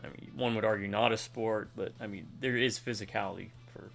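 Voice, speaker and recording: Middle-aged dude, gravelly voice, rambling casual gamer talk, faint music behind. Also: male voice, fairly low pitch, steady tone, a little fast. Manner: laid-back, rambling. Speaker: co-host gamer. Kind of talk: casual gameplay chat.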